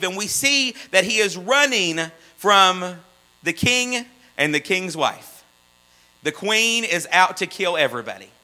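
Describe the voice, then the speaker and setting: A man preaching a sermon in a high, bright voice. He swings between loud, fervent runs and hushed, low asides. A faint electrical hum sits under the recording. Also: rough recording.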